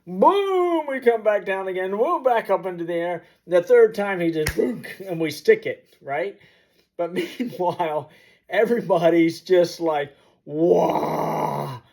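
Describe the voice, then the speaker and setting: A man's voice: sits high, moderate pace, few pauses, darkish tone. A man telling a personal story to the camera in a vivid, sound-effect-filled storytelling manner, aiming to inspire. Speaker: motivational storyteller. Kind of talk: personal anecdote told to camera.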